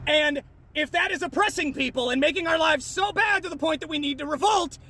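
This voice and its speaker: Male online commentator, bright piercing tone, furious profane rant to camera. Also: very high voice, animated, a little fast. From United States. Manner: shouting, profane, heated. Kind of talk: angry rant replying to comments.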